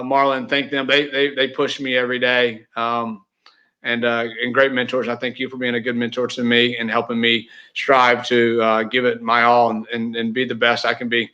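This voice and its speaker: A man's voice: mid-range voice, sharp tone. A man, a guest in a casual interview, talking in a heartfelt, rambling way with many fillers and restarts. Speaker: real estate team leader, guest. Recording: dull lo-fi audio.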